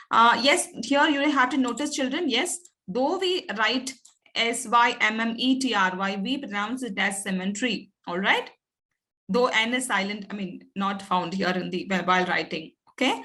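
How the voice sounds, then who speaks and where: A woman's voice: a little high, bright, forceful tone. A woman teacher, patiently coaxing pupils in an online class, with many fillers and "okay"s.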